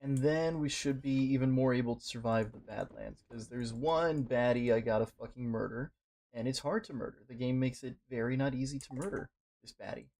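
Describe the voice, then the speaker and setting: A man's voice: medium pitch, brisk, slight background noise. A man giving casual, profane running commentary while playing a game, swearing at things on screen. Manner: profane, excitable, talks to the game. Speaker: gaming streamer.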